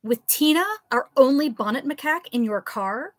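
A woman voicing a stern young woman who scolds crisply and with indignation in a live story reading. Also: high-pitched, lively intonation, normal speed, no echo, studio quality, voice pushed up. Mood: scolding.

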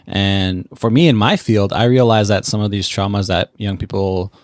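A man's voice: on the low side, moderate pace, no echo, clean studio sound. A man hosting a podcast interview, talking in a reflective, supportive way with many ums and restarts. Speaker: podcast host.

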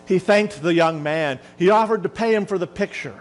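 A man preaching a sermon as a minister, telling a story dramatically and slowing down for emphasis. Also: high voice, a little hiss or hum, low-quality recording.

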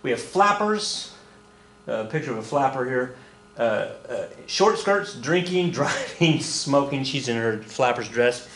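A man teaches a history lesson recorded in class, animated and jokey, doing little voices and counting out dance steps while he explains, and he's out of breath. His medium-pitched voice is a little slow. The sound is roomy with a bit of hiss or hum.

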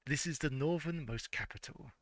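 Bright, chatty man reading aloud. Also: fairly high pitch, normal speed, dry recording. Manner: stumbling over words, self-correcting, laughing. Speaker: let's-play host. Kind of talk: casual gameplay commentary, reading game text aloud.

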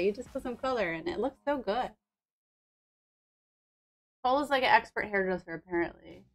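Bubbly young woman streamer greeting chat. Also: a little high. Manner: bubbly, giggly, greets viewers by name. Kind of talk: casual live-stream chat. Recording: with faint music behind.

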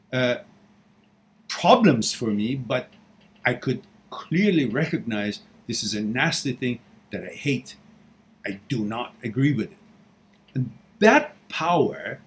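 A middle-aged man hosting a live question-and-answer session, telling his own story in an earnest, emphatic way. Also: medium pitch. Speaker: host answering viewer questions. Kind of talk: live Q&A talk.

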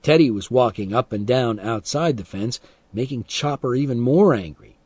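A man reading a first-person story aloud as an audiobook narrator, calm and expressive, for English learners. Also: mid-range voice, normal speed, breathy edge, no echo.

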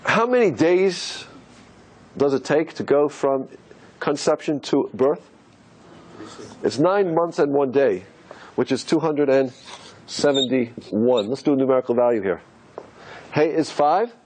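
A man's voice: medium pitch, animated, a little slow, long pauses, a little mellow, a little hiss or hum. A man teaching as a rabbi, asking rhetorical questions and musing aloud as he explains letters on a board. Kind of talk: teaching lecture.

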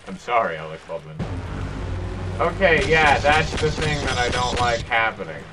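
Playful man, lively gameplay chatter. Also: medium pitch, moderate pace, far from the mic, very noisy. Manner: joking, talks to himself while playing, sudden yelps. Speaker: gameplay streamer. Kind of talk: casual gameplay commentary.

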